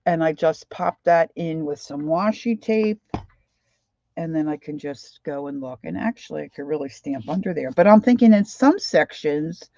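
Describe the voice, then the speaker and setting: A woman's voice: low-pitched, expressive, normal speed, vocal fry, mellow, no echo, muffled recording. An older woman with a Philadelphia accent, chatting casually on a craft livestream and greeting viewers by name. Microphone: desk microphone.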